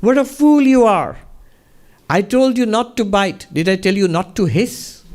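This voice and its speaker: A man's voice: a little high, animated, normal speed, pitched above the performer's own voice, lightly acted. A man voicing a stern wandering holy man. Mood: scolding. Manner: raised, emphatic scolding.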